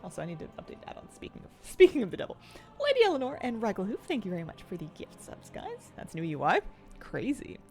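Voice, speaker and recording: Over soft background music, this streamer speaks quickly in a mid-range, darkish voice whose pitch swoops wildly. She talks casually during her live gaming session, thinking out loud, wandering off topic and laughing easily.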